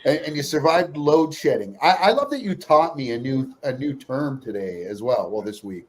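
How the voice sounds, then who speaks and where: A man's voice: mid-range voice, expressive, moderate pace. A man hosting an interview show over a video call, with a jokey, playful way of talking. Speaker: show host. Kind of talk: casual interview chat.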